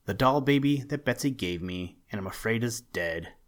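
A man's voice: lowish voice, animated, moderate pace, lightly acted. A man voicing a sad, anxious scarecrow in a storybook, pleading and tearful. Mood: sobbing.

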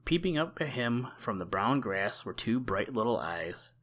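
A man narrating an old-fashioned children's storybook in a steady, measured reading voice. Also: medium pitch. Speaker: audiobook narrator.

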